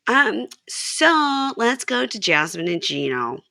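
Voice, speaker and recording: A woman's voice: a little high, big pitch swings, slow pace, creaky, bright, forceful tone, dry recording, studio quality. A woman hosting a podcast, chatting casually and retelling show scenes with quoted lines. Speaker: podcast host. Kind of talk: casual chat recapping a reality show.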